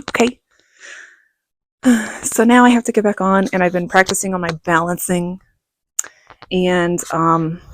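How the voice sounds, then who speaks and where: Animated woman telling a story, dry close sound. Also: mid-range voice, no room sound. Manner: animated, laughing storyteller with quoted asides. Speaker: vlogger. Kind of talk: casual storytelling.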